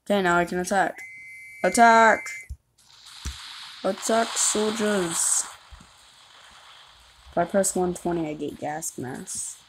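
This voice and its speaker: A woman's voice: fairly low pitch, steady tone, a little fast, hardly any pauses, a little hiss or hum. A woman chatting and rambling as she plays a game, giving commentary and poking fun at herself. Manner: chatty, rambling, self-mocking. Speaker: gamer. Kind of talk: gameplay commentary.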